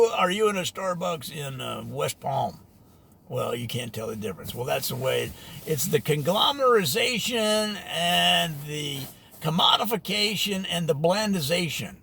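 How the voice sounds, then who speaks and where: Rich: A man with a high, gravelly voice gives an animated, exasperated rant full of jokes. A faint hiss sits under the recording. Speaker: media commentator. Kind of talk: ranting monologue.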